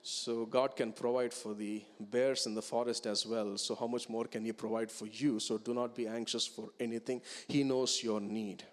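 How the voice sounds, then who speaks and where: A man with an Indian English accent preaching a sermon as a pastor, telling stories and rising to loud, emphatic peaks. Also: mid-range voice, flat delivery, moderate pace, hardly any pauses. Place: large church hall. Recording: reverberant church hall.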